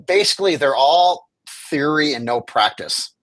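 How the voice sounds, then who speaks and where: His voice sits on the high side, animated and a bit bright at a moderate pace, with no echo on a rough recording. The man is a guest advocating for the homeless in a conversational interview, making an impassioned, argumentative case and acting out what officials would say.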